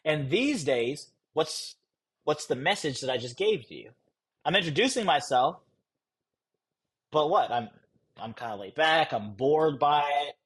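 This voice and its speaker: Husky, lively young man coaching sales. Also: on the high side. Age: young adult. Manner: deliberately shifts pace and tone, blunt and conversational. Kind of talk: teaching a live course session.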